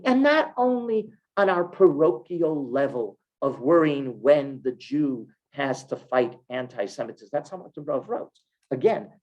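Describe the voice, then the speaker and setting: Animated man teaching a Torah class. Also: mid-range voice, poor audio. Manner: animated, emphatic, rhetorical questions.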